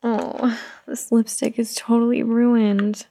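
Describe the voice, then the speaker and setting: Soft-spoken woman in mommy role-play, dark and creaky. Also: on the high side, level tone, slow, no echo. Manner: gentle, soothing, speaking to a toddler.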